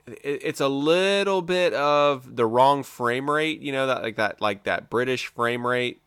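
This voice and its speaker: Southern guy cohosting a trailer chat, bright punchy voice, super dry close sound, jokey. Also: medium pitch, unhurried, clean tone, no room sound. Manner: excitable, joking, lots of fillers. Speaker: podcast co-host. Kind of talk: casual movie trailer chat.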